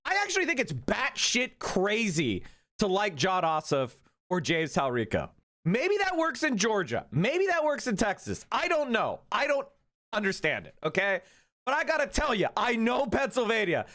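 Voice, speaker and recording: Man, political streamer, profane ranting, high voice, wide swings in pitch. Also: huge pitch swings, moderate pace, sharp tone. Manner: profane, exasperated, emphatic. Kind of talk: ranting live commentary.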